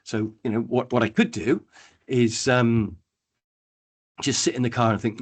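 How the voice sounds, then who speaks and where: A middle-aged man leads a training webinar, talking with a husky edge to his voice. He tells his stories in a lively, animated way, slipping into the voices of the people in them. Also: medium pitch, normal speed, pauses often. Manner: lively storytelling, acts out quoted people. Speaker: workshop trainer.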